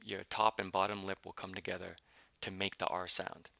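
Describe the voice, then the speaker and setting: A man teaching a pronunciation lesson, explaining patiently step by step with many fillers and repeating example syllables slowly. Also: low-pitched, little pitch movement, gravelly, sharp tone, no echo. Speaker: language teacher.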